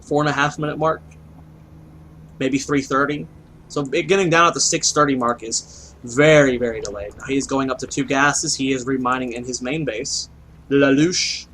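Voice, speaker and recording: A man's voice: mid-range voice, steady tone, moderate pace, pushed and bright, a little hiss or hum, rough recording. A man giving solo play-by-play commentary on a strategy game match, chatty and explanatory, often thinking aloud and asking himself questions. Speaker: esports caster.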